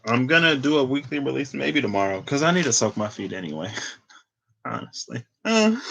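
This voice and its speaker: In a casual tarot reading to camera, a man with a fairly low voice that comes across pushed and bright lets his thoughts ramble aloud. He's relaxed, self-amused, and full of "like" and false starts.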